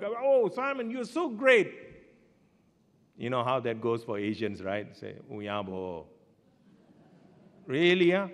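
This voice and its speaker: A pastor preaching, his slightly high voice rising and falling as he tells his stories. His words ring out with a long hall reverb behind them. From Singapore. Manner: storytelling, animated swings in pitch and loudness. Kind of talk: sermon.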